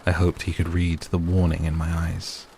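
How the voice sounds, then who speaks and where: Deep gravelly man reading a sleep story. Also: completely flat delivery, normal speed, warm tone, a little hiss or hum. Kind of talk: soothing bedtime story narration. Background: rain sounds.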